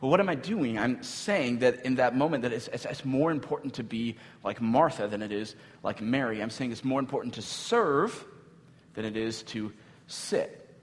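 A man's voice: medium pitch, animated, moderate pace. A male pastor giving a sermon in a casual, conversational way, with filler words and light laughs. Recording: long hall reverb.

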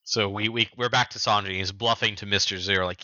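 A man's voice: lowish voice, steady tone, bright, forceful tone, dry recording, highs cut off. A man co-hosting a podcast, casually retelling story events and acting out the characters' lines. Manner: quick retelling with acted-out quotes. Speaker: podcast co-host. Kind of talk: casual recap chat.

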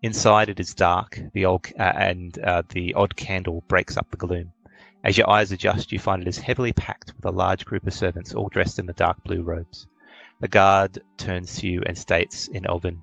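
A man's voice: deep voice, flat delivery, moderate pace, vocal fry, a bit bright, dry recording, faint music behind, low-quality recording. A man narrating as game master of a tabletop role-playing game, hesitant and full of fillers.

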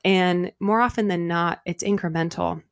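A woman co-hosting a casual spiritual podcast, animated and swearing now and then, a little out of breath. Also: lowish voice, moderate pace, dry recording, studio quality. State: slightly out of breath. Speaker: podcast co-host.

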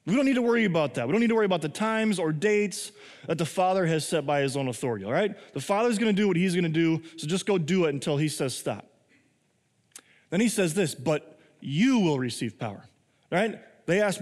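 A man's voice: on the high side, animated, a little fast. A young man preaching a sermon as pastor, telling the story with jokes and laughter and acting out the scenes in small voices. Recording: long hall reverb.

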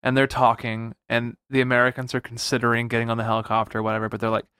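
Male podcast co-host, smooth clear mid voice, easygoing and quick to laugh, dry close mic. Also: medium pitch, completely flat delivery, sharp tone, no room sound. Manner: laid-back, laughs often while talking. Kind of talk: casual chat recapping a movie.

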